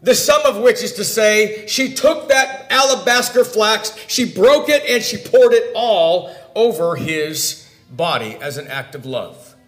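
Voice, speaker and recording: A man preaching a sermon, putting direct questions to his listeners and swinging between loud emphasis and hushed, quiet lines. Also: sits high, lively intonation, unhurried, roomy sound, faint music behind.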